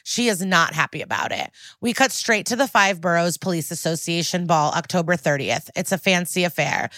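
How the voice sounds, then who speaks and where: A woman's voice: lowish voice, normal speed, no echo. Woman podcast host doing a tv recap, acts out the lines, swears a lot, dry close sound. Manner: animated, acts out characters' lines; swears freely and editorializes. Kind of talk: casual chat.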